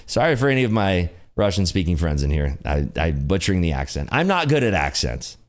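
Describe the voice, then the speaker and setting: A man hosts a live trading stream in a chatty, upbeat way, cracking jokes between updates. His voice is on the low side but bounces all over the place. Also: huge pitch swings, moderate pace. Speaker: day-trading livestream host. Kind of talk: casual live commentary.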